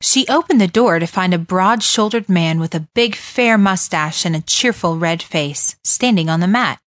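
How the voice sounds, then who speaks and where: A woman with a lowish voice reads story passages and dialogue for a language lesson. She is expressive and changes her tone for each speaker. The recording is dry and close, with no room sound. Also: moderate pace, dry recording. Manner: expressive, shifts voice for quoted speakers. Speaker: reader of course passages. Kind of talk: scripted reading of dialogue passages.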